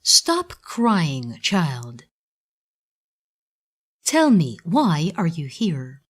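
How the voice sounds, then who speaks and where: A woman voicing a kindly, helpful talking parrot in a storybook, speaking loudly and coaxingly. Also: sits low, wildly swooping pitch, very slow, heavily acted.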